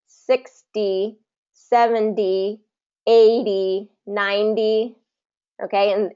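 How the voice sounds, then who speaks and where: A woman teaching English pronunciation in a live online class, patiently demonstrating words slowly. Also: mid-range voice, dull audio. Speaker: pronunciation coach.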